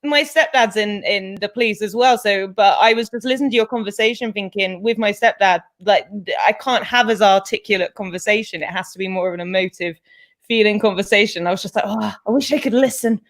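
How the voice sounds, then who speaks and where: Effusive young woman guest. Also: medium pitch. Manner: quick, effusive, trailing off mid-thought. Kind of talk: casual chat.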